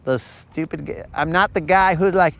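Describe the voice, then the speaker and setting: A man with a fairly high voice spins a playful, rambling joke out loud, jumping in and out of quick impressions of the people in his story. He sounds laid-back and unscripted, like a podcast host recording out on a fishing boat. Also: fairly even intonation, gravelly. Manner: playful, acts out imagined dialogue in put-on voices. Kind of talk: casual joking monologue.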